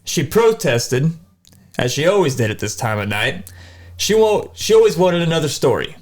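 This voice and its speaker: A man's voice: on the high side, big pitch swings, normal speed. A young man co-hosting a podcast, casually reading a horror story aloud, tripping over words and laughing along the way. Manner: laid-back, stumbles and laughs over words. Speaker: podcast co-host.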